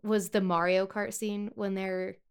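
A woman casually chatting as a podcast co-host, chatty and enthusiastic with quick interjections. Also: medium pitch, little pitch movement, clean tone. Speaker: podcast co-host reviewing a movie. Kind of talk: casual chat.

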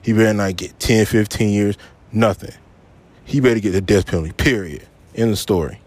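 This is a solo podcast rant from a host whose voice is on the low side and a little mellow, moving a little fast. He's angry, frustrated and upset, swearing heavily and repeating things for emphasis.

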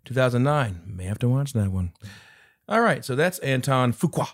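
A podcast co-host with a mid-range voice chats casually about a film, very animated and at normal speed. He jokes and laughs at his own slip-ups, and the studio-quality recording has no echo.

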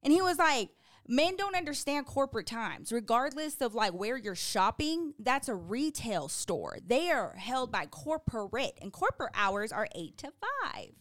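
A woman's voice: fairly high pitch, big pitch swings, measured pace, hardly any pauses, fairly bright tone, dry recording, studio quality. A woman co-hosting a podcast, telling a story in casual chat with a confident, teasing manner. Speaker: podcast co-host.

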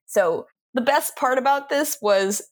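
Young woman podcast co-host, lively casual storyteller who laughs a lot. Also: high-pitched, measured pace. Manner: animated storytelling, laughs often, swears. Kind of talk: casual chat.

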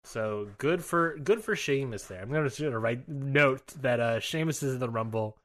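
A man's voice: mid-range voice, normal speed, a bit bright. A man co-hosting a casual podcast, reacting with laughs and repeating himself. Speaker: podcast co-host. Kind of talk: casual chat.

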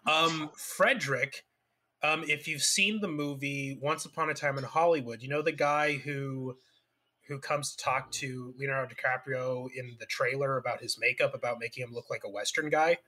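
A man's voice: medium pitch, steady tone, moderate pace, pushed and bright. A man co-hosting a podcast in casual chat, talking hesitantly with many ums and restarts. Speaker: podcast co-host.

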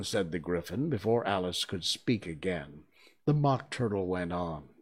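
A man narrating a storybook in an unhurried, expressive reading. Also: low-pitched, husky.

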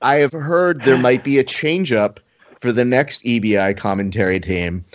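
A man's voice: medium pitch, normal speed. Podcast co-host, male, theatrical mock-outrage, somewhat muffled lo-fi sound. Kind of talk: casual banter, playful ranting.

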